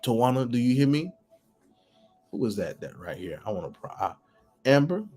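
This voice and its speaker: A man preaching prophetically on a phone livestream. He repeats his phrases in a declaring rhythm, swells to loud peaks and calls on viewers by name. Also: mid-range voice, very animated, moderate pace, husky, faint music behind.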